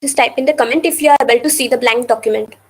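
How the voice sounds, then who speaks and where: A woman teaching an online language class, saying each word slowly and carefully and repeating it, with an Indian English accent. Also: on the high side, breathy edge, low-quality recording. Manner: slow, careful pronunciation with repeated words. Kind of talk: online teaching over screen share.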